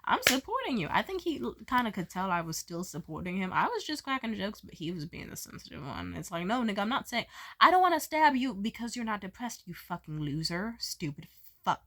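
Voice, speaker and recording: A woman's voice: medium pitch, brisk. Tipsy woman telling a rambling story. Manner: animated, profane, jokey, slurs words while tipsy. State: drunk. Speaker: vlogger. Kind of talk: casual storytelling monologue.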